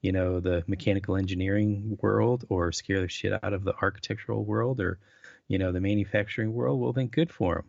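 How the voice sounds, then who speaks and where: A man's voice: fairly low pitch, steady tone, a little fast, creaky, darkish tone, no echo, highs cut off. A man co-hosting a casual architecture podcast, rambling and agreeable, with frequent stammers. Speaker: podcast co-host. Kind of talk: casual conversation.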